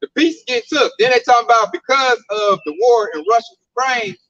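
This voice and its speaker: A man's voice: extremely high pitch, sing-song, a little fast, gravelly, fairly bright tone, muffled recording. A man teaching scripture in a casual street-preaching style, blunt and emphatic with lots of slang. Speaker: Bible teacher.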